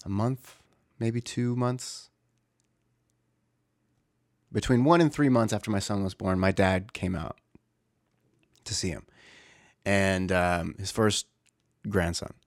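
A young man talks through a personal family story in a candid, searching way. His voice sits low and he keeps stopping to correct himself. The sound is close and dry, with no room around it. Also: steady tone, takes it slowly, long pauses, no echo. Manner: candid, searching, restarts often.

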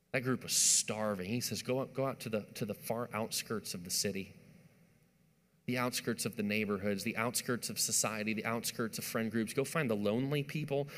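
Preaching man in a reverberant hall. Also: lowish voice. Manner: emphatic preaching, rising and dropping to a hush. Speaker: pastor. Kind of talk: sermon.

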